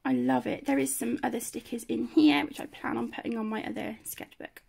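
A woman's voice: fairly high pitch, fairly even intonation, a little fast, gravelly, darkish tone, breathy edge. A grown woman chatting casually as she tours her home colouring area, rambling and self-deprecating. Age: adult. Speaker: colouring channel host. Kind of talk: casual room-tour chat.

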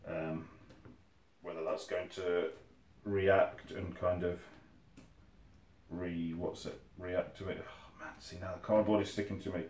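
Low-voiced man rambling while crafting. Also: level tone, a little slow, long pauses, darkish tone. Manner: rambling, self-correcting, mutters while working. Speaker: hobby crafter making terrain. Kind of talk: casual talk while building. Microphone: phone camera some distance away. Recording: roomy distant phone recording.

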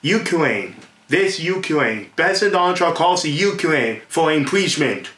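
A man hosting a rambling commentary to camera, excited and repetitive, laughing often and stumbling over names. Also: on the high side, unhurried. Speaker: host. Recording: echoey room.

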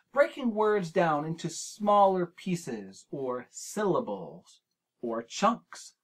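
A male children's show host leads a preschool word game in an unhurried, drawn-out delivery. He talks gently to the young viewer at home, sounding out each syllable and encouraging every try. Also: high-pitched, very animated. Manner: speaks straight to the young viewer. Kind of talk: preschool lesson.

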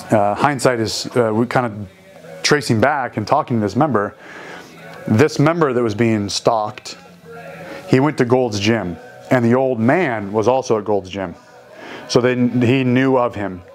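A man telling a long story casually, full of fillers and restarts, raising his voice when he quotes people. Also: medium pitch. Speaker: gym owner and host.

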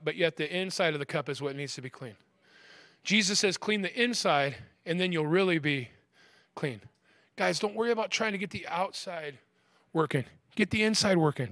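A man preaching a sermon as pastor, asking the crowd "amen?" and slowing down to stress key words. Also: high voice, dry recording, studio quality. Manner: call-and-response preaching, frequent "amen?".

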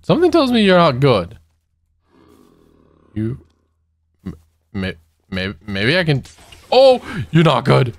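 A man's voice: medium pitch, huge pitch swings, slow, long pauses. A young man giving casual let's-play commentary, nervous and giggly, talking to the monsters he meets. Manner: nervous, giggly, talks to mobs. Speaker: gaming youtuber.

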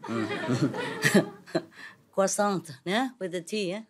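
Slow-talking woman who laughs a lot. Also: mid-range voice, expressive, noisy background. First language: not English. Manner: laughs often, slow broken English with French words. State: coughing. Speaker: spiritual teacher addressing an audience. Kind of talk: casual talk to an audience, joking.

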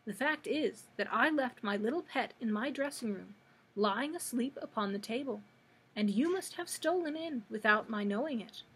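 A woman voicing a regal young fairy princess in a storybook read-aloud, gentle but firm. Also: on the high side, expressive, normal speed, husky, poor audio. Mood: stern.

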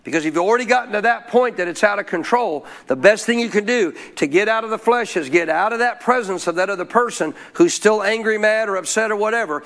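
Man, pastor, high voice, sermon, asks the congregation questions, repeats phrases for emphasis. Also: fast talker, hardly any pauses, fairly bright tone. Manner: preaching with call-and-response questions.

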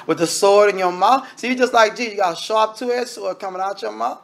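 A minister preaches a sermon with emphatic repetition, firing off rhetorical questions and speaking directly to the congregation as brethren. His high voice moves fairly quickly and carries vocal fry.

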